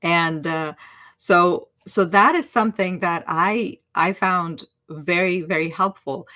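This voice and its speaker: Woman coach, low voice, chatty livestream delivery, many fillers and restarts, models phrases aloud. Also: takes it slowly, pushed and bright. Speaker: online language teacher and accent coach. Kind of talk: casual livestream talk.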